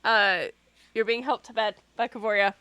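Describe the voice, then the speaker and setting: A woman running a tabletop role-playing game as game master, narrating calmly with hesitant fillers. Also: a little high, moderate pace, smooth, no echo.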